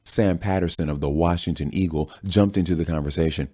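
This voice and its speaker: Deep, dark-voiced audiobook narrator. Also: male voice, a little fast, hardly any pauses, husky, dry recording, studio quality. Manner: steady storytelling. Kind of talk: scripted narration.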